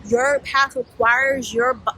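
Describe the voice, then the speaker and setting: A young adult woman from New York, a spiritual life coach, tells a candid personal story in a blunt, profane, animated way, acting out the voices she quotes. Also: on the high side, slow pace, a little hiss or hum, low-quality recording.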